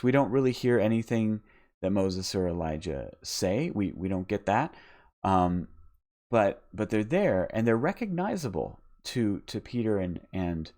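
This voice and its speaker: A man's voice: lowish voice, a little mellow. A man hosting a live Bible teaching podcast, explaining a passage off the cuff with many restarts and repeated words.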